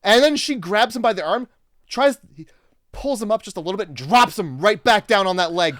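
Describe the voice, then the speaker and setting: A man with a notably high voice recaps a bad movie in a laid-back, dry, deadpan way. The sound is dry and close. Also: brisk, dry recording. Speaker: podcast co-host. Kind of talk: casual movie-review chat.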